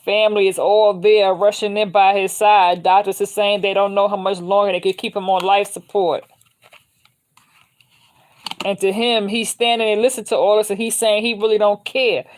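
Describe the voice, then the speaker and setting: A woman's voice: mid-range voice, level tone, moderate pace, darkish tone. Casual, emphatic woman reading tarot. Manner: informal, repetitive, emphatic. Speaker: tarot reader.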